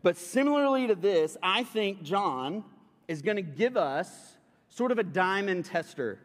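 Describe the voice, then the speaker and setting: A young pastor tells a funny personal story in a loose, conversational way. His voice sits a bit high for a man. The sound rings with the long reverb of a church hall. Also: animated, unhurried. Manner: casual, humorous storytelling to a congregation. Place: church sanctuary.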